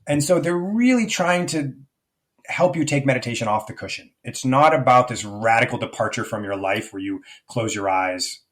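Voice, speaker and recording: A man's voice: medium pitch, expressive, moderate pace, fairly bright tone. A middle-aged man speaking as a life coach guest in an interview, thoughtful and searching, often restarting his sentences. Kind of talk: reflective conversational interview.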